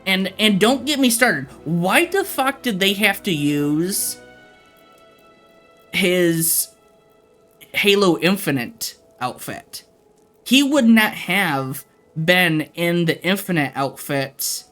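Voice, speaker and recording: A man's voice: sits high, expressive, slow, bright, forceful tone, soft background music. A man livestreaming, ranting casually and profanely to his chat.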